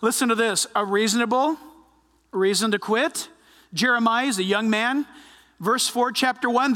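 A man preaching a sermon, animated, often acting out the voices of those he quotes. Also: very high-pitched, moderate pace, long reverb tail. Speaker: pastor.

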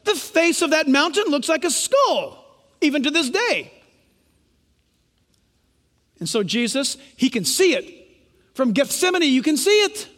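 A man's voice: very high-pitched, very animated, unhurried, pauses often, a bit bright. A man preaching a sermon as pastor, emphatic and questioning the congregation. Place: church sanctuary. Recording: long hall reverb.

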